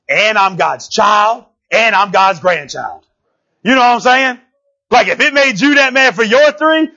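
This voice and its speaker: A man preaching with a very high, bright, sharp voice, and he keeps it loose and conversational, throwing in slang and asking the room whether they follow. The recording sounds dull and lo-fi. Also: husky. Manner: animated and conversational, casual slang and rhetorical asides. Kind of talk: sermon.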